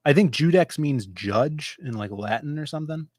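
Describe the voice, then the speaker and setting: A man's voice: on the high side, lively intonation, normal speed, darkish tone, no room sound, clean studio sound. Chatty man hosting a comics stream. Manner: chatty, jumps between topics. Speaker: host of a comics livestream. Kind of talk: casual livestream chat.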